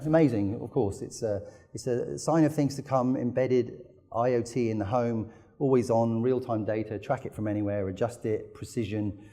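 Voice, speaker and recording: British guy giving a business talk, mellow tone, keen storyteller. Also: medium pitch. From United Kingdom. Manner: enthusiastic storytelling with frequent fillers. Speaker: conference speaker. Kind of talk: business presentation.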